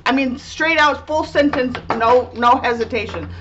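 A young woman and art channel host chatting casually while crafting, laughing often and gently correcting her child. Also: high-pitched, moderate pace, muffled recording.

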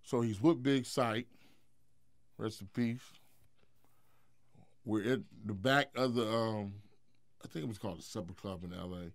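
A middle-aged man, a guest in an interview, telling a story in a lively, profane way. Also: fairly low pitch, a little slow, pauses often, dry recording, clean studio sound. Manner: animated, profane storyteller who swings into loud acted quotes.

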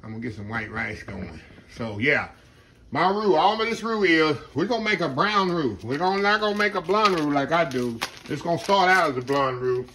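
A middle-aged man walks viewers through a recipe in a folksy, rambling way. His voice sits a little high for a man. Faint kitchen sounds run behind him. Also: expressive, moderate pace, a bit bright, slight background noise. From Texas. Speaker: home cook host. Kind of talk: casual cooking demonstration.

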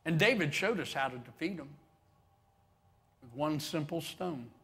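A man's voice: fairly high pitch, animated, unhurried, fairly bright tone, breathy edge, in a large hall. A man preaching a sermon as pastor, folksy and joking, building to swelling emphasis on key phrases. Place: church sanctuary.

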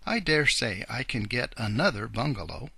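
A man voicing a kindly old rabbit gentleman who speaks in a polite, old-fashioned, earnest way. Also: medium pitch, big pitch swings, normal speed, gravelly, slightly rough, dry recording, full character voice. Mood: dismayed.

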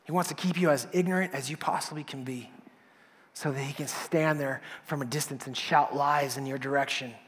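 A male pastor preaching a sermon, dramatic, swinging from loud declarations to whispers, with a long hall reverb. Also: medium pitch, steady tone, a little fast.

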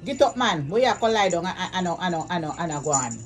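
A woman's voice: lowish voice, expressive, fairly quick, soft background music. A woman, vlogging as she coaxes her cats to play in a sing-song, repetitive way. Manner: coaxing, sing-song, repeats commands. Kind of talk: casual talk to her cats.

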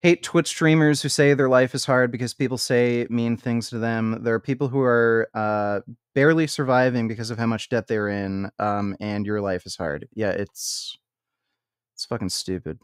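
A man streamer ranting in blunt, profane, scornful tones, with halting restarts when worked up. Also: medium pitch, fairly even intonation, smooth, no room sound, studio quality. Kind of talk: reaction stream rant.

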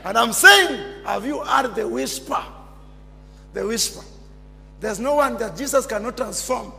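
A man preaching a sermon as pastor, emphatic and repetitive, bursting into shouts. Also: extremely high pitch, animated, a little slow, gravelly, a little hiss or hum. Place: church. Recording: long church reverb with music behind.

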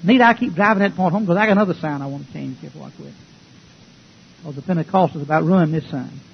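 A man's voice: a little high, quick pace, creaky, husky. A man preaching a sermon in a folksy, emphatic way, throwing rhetorical questions at his congregation. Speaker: pastor. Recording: dull lo-fi recording with faint hiss.

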